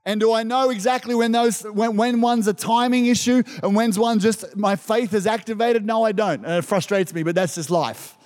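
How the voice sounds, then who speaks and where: A man preaching a sermon as pastor, animated and emphatic, calling out to his congregation. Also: high-pitched, moderate pace, few pauses, smooth. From Australia. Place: church service. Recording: long reverb of a church hall.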